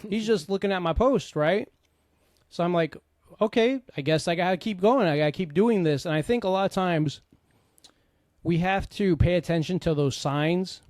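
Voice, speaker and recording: A man's voice: high-pitched, normal speed, a little mellow, no echo, clean studio sound. A middle-aged man, a podcast host and coach, telling his personal story in an earnest, conversational way with frequent asides.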